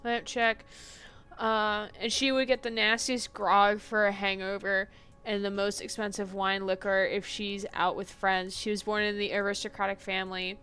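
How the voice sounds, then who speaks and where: A woman's voice: mid-range voice, level tone, moderate pace, pushed and bright, clean tone. A woman streaming a game, chatting casually, laughing and reading game text aloud. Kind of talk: casual let's-play chat. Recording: live stream with game music under.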